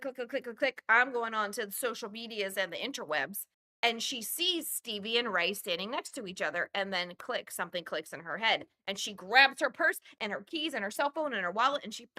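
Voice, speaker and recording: A woman with a fairly high, bright voice hosts a casual podcast and retells a film scene by scene. She talks in an animated way, swears freely and slips into quick character voices as she goes. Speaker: podcast host. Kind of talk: casual movie review chat.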